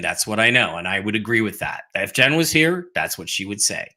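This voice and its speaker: A man's voice: fairly low pitch, big pitch swings, fairly quick, few pauses, bright, forceful tone. A man hosting a casual livestream, rambling through updates and reading viewer comments aloud with many fillers and asides. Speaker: host of an online news livestream.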